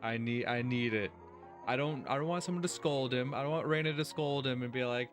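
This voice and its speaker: A man's voice: medium pitch, a little fast, over music. A man hosting a let's-play video, reading game text aloud and reacting with exasperation and heavy swearing. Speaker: gaming video host.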